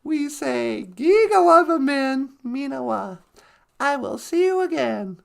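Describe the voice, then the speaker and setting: A man doing a high sing-song woman co-host. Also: animated, slow, gravelly, heavily acted. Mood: cheerful. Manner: bright, sing-song, teacherly. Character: cheerful chatty woman co-host, wife. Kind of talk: comedy sketch.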